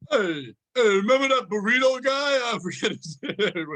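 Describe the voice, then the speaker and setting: Man putting on a shouty wiseguy, bright and high, brash comedy rant. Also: expressive, moderate pace. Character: loud Italian-American wiseguy, adult man, brash.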